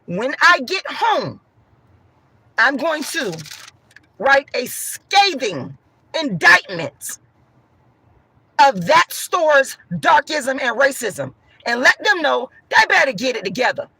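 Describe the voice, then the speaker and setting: Woman, venting to viewers, loud, emphatic, gravelly, sharp tone. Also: sits high, big pitch swings, slow pace, no echo, rough recording. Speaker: vlogger.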